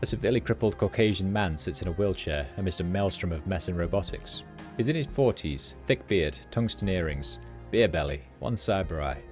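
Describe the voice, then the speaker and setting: A man streaming a game, reading its narration aloud in a steady, descriptive way. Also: sits low, brisk, soft background music.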